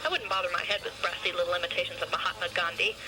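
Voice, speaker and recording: A woman's voice: fairly low pitch, steady tone, racing, heavy background noise, natural voice. Woman reading a snooty snide designer guy, storybook. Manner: snide, haughty. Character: vain, snide male fashion designer.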